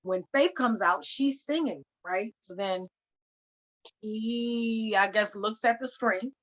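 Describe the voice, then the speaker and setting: Slangy, animated woman podcast host. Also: a little high, slow pace. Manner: animated, slangy storytelling with swearing. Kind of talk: casual chat.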